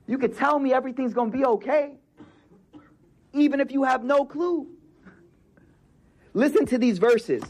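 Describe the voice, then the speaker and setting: A man's voice: extremely high pitch, animated, normal speed, long pauses, darkish tone. A young man giving an Islamic sermon in a casual, emphatic way, mixing street slang with Arabic phrases and repeating key words. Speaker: Islamic preacher.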